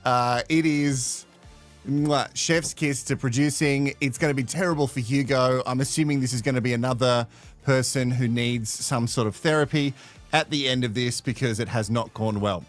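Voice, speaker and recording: A man's voice: mid-range voice, fairly even intonation, moderate pace, soft background music. A man hosting a live reality-show recap, swearing, sarcastic and laughing often. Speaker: host.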